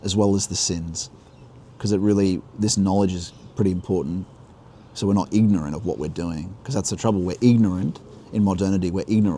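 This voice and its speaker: Beside river rapids, a man whose voice sits low and dark livestreams an earnest religious teaching with no script, pondering aloud and restarting ideas. Slight background noise mixes with faint rushing water.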